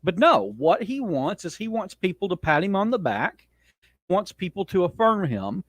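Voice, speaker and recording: A man's voice: high-pitched, big pitch swings, moderate pace, fairly bright tone, dry recording. A man hosting his own podcast, ranting in a blunt, opinionated way with frequent restarts. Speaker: podcast host. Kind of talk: casual monologue rant.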